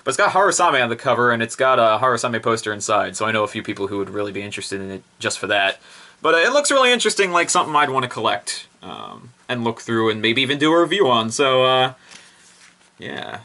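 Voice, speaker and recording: A young man talks through a review with no script, excitable and rambling, trailing into fillers and correcting himself mid-sentence. His voice is bright and forceful, sitting at an ordinary pitch for a man. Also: fast. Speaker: product reviewer. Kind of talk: casual unscripted review.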